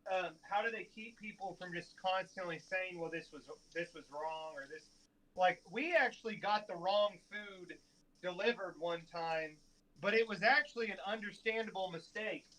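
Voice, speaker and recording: A man's voice: high-pitched, moderate pace, a bit bright, poor audio. A young man co-hosting a casual podcast chat, asking curious, easygoing questions. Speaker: podcast co-host.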